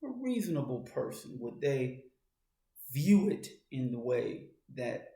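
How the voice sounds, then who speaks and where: A man's voice: mid-range voice, very animated, slow, vocal fry, reverberant. A man giving a spoken commentary, talking straight to the listener and often restarting his phrases. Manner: talks to the listener in second person, many restarts; grows louder and more urgent as he goes. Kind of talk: monologue commentary.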